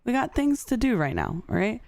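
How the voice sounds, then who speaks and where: A woman's voice: on the high side, very animated, a little fast, creaky, a little mellow, a little hiss or hum. A young woman chatting casually to her viewers, telling a story with lots of laughter between lines. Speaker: streamer.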